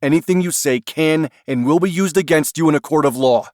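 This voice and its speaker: A man's voice: fairly high pitch, a little fast, a little mellow, no echo, studio quality, pitched above the performer's own voice, lightly acted. A man voicing an angry male federal agent who speaks in clipped, commanding demands. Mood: stern.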